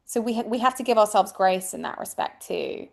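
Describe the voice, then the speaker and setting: A woman's voice: medium pitch, lively intonation, a little fast, vocal fry, darkish tone. A woman astrologer, a guest on a podcast, speaking reflectively in casual chat and often restarting her thoughts.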